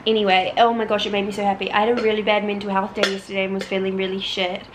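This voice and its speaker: A woman's voice: medium pitch, little pitch movement, background noise. Chatty young New Zealand woman vlogging. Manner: chatty, giggly, quick to exclaim. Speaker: vlogger co-host. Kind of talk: casual chat.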